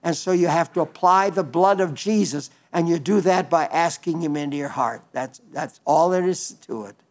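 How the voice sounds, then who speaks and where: A man's voice: a little high, normal speed. An older man preaching an earnest, folksy sermon, pleading with his listeners, often restarting his words.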